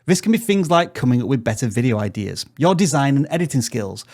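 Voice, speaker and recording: A man's voice: medium pitch, very animated, quick pace, a little mellow. A man hosting a scripted tutorial on growing a YouTube channel, giving direct advice in an upbeat tone with the odd joke. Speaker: YouTube growth tutorial host.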